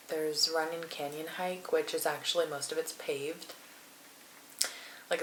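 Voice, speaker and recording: A woman vlogger chatting casually while eating on camera, rambling with lots of fillers, in a room at home. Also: low-pitched. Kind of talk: casual mukbang chat. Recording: roomy echo, faint noise.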